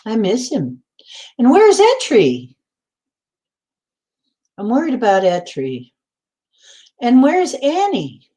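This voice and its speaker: A woman's voice: a little high, wildly swooping pitch, slow, long pauses, dark tone. A middle-aged woman hosting a casual live chat, laughing often and reading out viewers' comments. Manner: giggly, laughs often, reads comments aloud. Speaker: livestream host.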